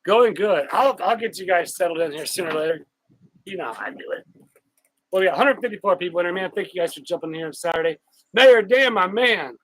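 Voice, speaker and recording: A man hosting a casual outdoor live stream, greeting viewers by name in a chatty, upbeat way with drawn-out shout-outs. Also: sits high, breathy edge, low-quality recording. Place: outdoors on a hot day with a fan.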